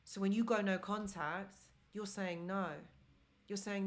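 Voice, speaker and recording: With a measured pace and a steady, mid-range voice, this woman hosts a live stream offering relationship mentoring. She speaks English with a non-native accent, directly and encouragingly, in an earnest manner.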